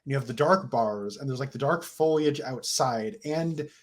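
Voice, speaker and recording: A man's voice: medium pitch, normal speed. A man co-hosting a film podcast, talking enthusiastically in casual chat with lots of filler words. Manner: enthusiastic, many "like" fillers and restarts. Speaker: podcast co-host.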